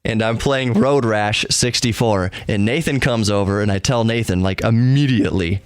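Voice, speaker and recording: This podcast host, a man in his thirties, tells a comic story casually, self-deprecating and laughing at his own stories. His voice is fairly low with a clean tone, normal speed and hardly any pauses, in a dry recording.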